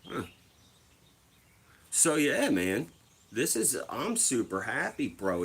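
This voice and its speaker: A man's voice: mid-range voice, wildly swooping pitch, slow, vocal fry, fairly bright tone, slightly rough. A young man telling stories casually to his viewers, swearing freely and acting out other people's voices. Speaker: livestreamer.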